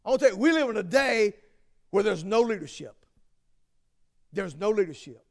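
A male pastor preaching a sermon, dropping to quiet asides and then rising to loud, shouted exhortation. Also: high voice, animated, normal speed, vocal fry.

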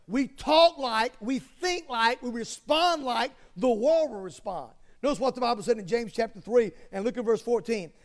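A man preaching a sermon, repeating phrases and rising to emphatic, near-shouted bursts. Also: extremely high pitch, normal speed, few pauses. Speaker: pastor.

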